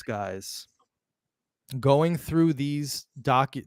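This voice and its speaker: A man hosting a live podcast, talking excitedly and emphatically, often restarting words mid-sentence. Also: a little high, clear, resonant tone, no room sound, studio quality. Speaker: podcast host.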